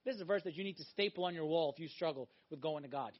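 A man preaching a sermon, emphatic and animated, swinging between loud exhortation and hushed intensity. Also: fairly high pitch, rapid-fire. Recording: dull lo-fi recording.

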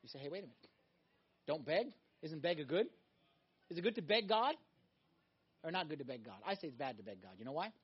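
A man preaching a sermon, emphatic and animated, swinging between loud exhortation and hushed intensity. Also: very high-pitched. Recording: dull lo-fi recording.

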